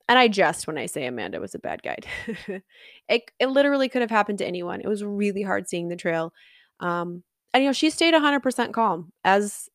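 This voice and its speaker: A woman's voice: on the low side, dry recording, clean studio sound. A woman casually recounting a personal story in an earnest, reflective way, laughing now and then. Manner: earnest, reflective, self-encouraging, laughs often.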